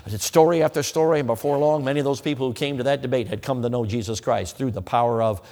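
Emphatic preacher in a reverberant hall. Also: male voice, mid-range voice. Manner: emphatic, swings between loud and hushed. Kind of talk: evangelistic sermon with altar call. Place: church sanctuary.

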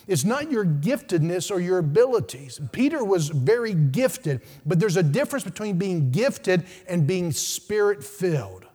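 Man, pastor preaching, higher voice, hushed to loud swings, long church reverb. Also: big pitch swings, measured pace, few pauses, breathy edge. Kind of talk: sermon.

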